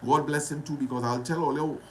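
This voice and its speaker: A man with a Trinidadian accent tells a personal story to camera in a casual, animated way, repeating phrases for drama. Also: a little high, fairly quick, slight background noise. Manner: animated, dramatic retelling with repetition and dialect.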